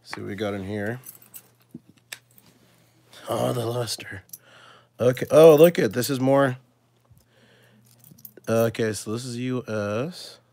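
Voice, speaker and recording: A man hosting a casual coin-collecting video, chatting to his viewers and thinking aloud as he sorts, with excited little exclamations. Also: medium pitch, takes it slowly, pauses often, no echo. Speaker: coin collecting channel host. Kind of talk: casual live coin sorting chat.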